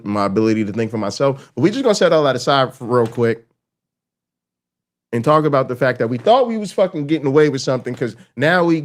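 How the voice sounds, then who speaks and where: A man hosting a live stream who rambles heatedly and swears constantly, repeating himself for emphasis. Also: mid-range voice. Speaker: stream host and academic. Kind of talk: profane live commentary.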